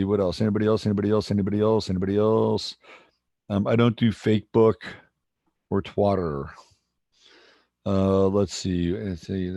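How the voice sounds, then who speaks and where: A man hosting a livestream in casual chat, relaxed and rambling as he greets viewers. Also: fairly low pitch, creaky, no echo. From San Jose, California, USA. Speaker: livestream host.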